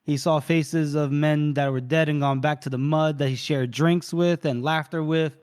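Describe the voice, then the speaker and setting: A man's voice: fairly high pitch, steady tone, moderate pace, a little mellow, clear, resonant tone. A man co-hosting a book podcast, casually retelling a chapter and tossing off characters' lines as he goes. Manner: retells scenes loosely, voicing characters' lines in passing. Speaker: podcast co-host recapping a novel. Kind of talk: casual chat.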